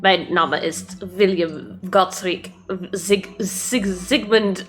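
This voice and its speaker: Woman putting on a pompous German rich man. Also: soft background music. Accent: put-on German. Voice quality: low, halting. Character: rich pompous German gentleman, middle-aged.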